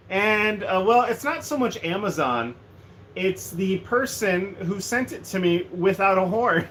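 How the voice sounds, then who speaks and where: A man's voice: high voice, moderate pace. A man chatting casually and jokily on a livestream from a room at home, rambling from one thing to the next. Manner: rambling, joking, animated. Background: faint heater hum.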